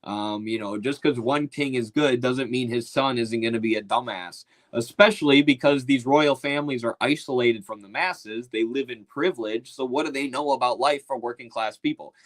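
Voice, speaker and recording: Male commentator, casual and mocking, mid-pitched. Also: moderate pace, hardly any pauses, low-quality recording. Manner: loose, slangy and mocking. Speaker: political commentator.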